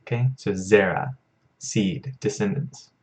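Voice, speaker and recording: A young man talks through a vocabulary lesson in a relaxed, easygoing way, correcting himself and chuckling at his own memory aids. His voice sits low, and he speaks slowly, lingering over each word. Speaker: Hebrew teacher.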